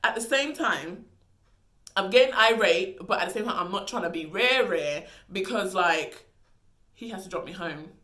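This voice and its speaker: A woman's voice: medium pitch, expressive, normal speed, pushed and bright. A young woman vlogger telling a story in a casual, dramatic, slangy way. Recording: echoey room.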